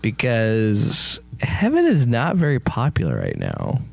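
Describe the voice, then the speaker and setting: Casual male comedy host, lively voice, loose rambling pitch delivery. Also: a little slow, gravelly. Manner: rambling, laughing, swearing, acting out dialogue. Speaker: podcast co-host pitching a movie.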